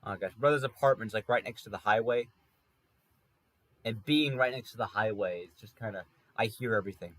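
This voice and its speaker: A man's voice: fairly low pitch, brisk, a bit bright, no room sound. A man telling a rambling, wry story in a casual monologue from an apartment room. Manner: rambling, self-correcting, wry. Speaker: podcast host. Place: room in an apartment near a highway.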